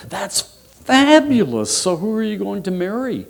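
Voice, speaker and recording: Storybook mother potato, high and squealing with delight, as a male pastor puts her on. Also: very animated, measured pace, vocal fry, full character voice. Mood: gushing. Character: excitable mother potato, female, middle-aged.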